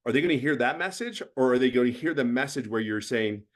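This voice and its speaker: A man's voice: mid-range voice, a little fast, hardly any pauses. A middle-aged man giving a blunt, preachy motivational mentoring talk as guest host, with emphatic bursts.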